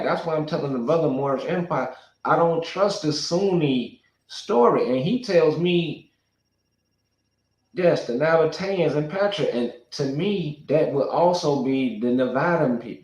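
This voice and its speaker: A man's voice: a little high, a little slow, a little mellow. Man, solo monologue, rambling, thinks aloud, restarts sentences, roomy echo. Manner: loose, speculative, thinking aloud with many restarts. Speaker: YouTuber.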